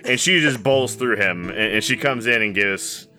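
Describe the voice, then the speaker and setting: A male game master narrates a tabletop game in a bright, forceful voice. He is loose and rambling, and faint guitar music plays behind him. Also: fairly low pitch, normal speed. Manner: casual, rambling, swears.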